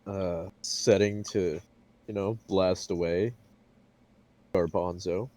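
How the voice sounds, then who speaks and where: A male player with a very low, mellow voice speaks in character, cool and deliberate. He sounds steady and sure of himself. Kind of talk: in-character tabletop play.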